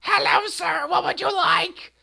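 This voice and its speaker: A man putting on the shrill, annoying voice of an old witch-like woman behind a sandwich counter. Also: fairly even intonation, unhurried, vocal fry, sharp tone, heavily acted. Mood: sugary. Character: shrill high-pitched witch-like sandwich lady.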